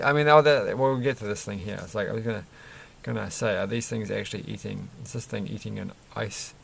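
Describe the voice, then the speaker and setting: A man's voice: lowish voice, gravelly, slight background noise. A man chatting casually and rambling while he builds a toy set, chuckling often and breaking off mid-sentence. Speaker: vlogger building Lego sets.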